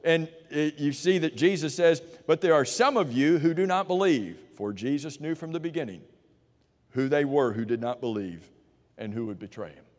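A man preaching a sermon, walking listeners through verses with rhetorical questions and sinking to a quiet voice for emphasis. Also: lively intonation, moderate pace. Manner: drops to a low, quiet voice for emphasis. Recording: long reverb of a large hall.

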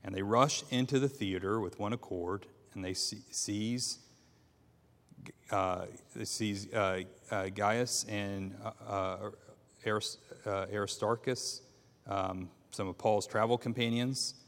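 Leading a Bible class in a reverberant hall, a man with a lowish, steady, slightly bright voice reads scripture aloud. His reading stumbles with fillers and restarts, and he asks the class questions.

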